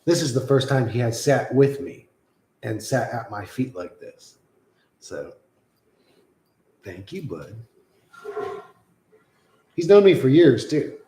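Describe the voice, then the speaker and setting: A man streaming live, chatting loosely with lots of swearing and cooing softly to his pet. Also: mid-range voice, big pitch swings, takes it slowly, pauses often, reverberant, low-quality recording. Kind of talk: casual live-stream chat.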